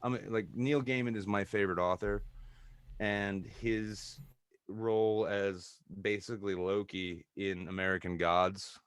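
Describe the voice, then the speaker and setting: A man in casual podcast chat, talking excitably and ranting with a lot of swearing. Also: on the low side, measured pace, clear, resonant tone, dry recording, studio quality.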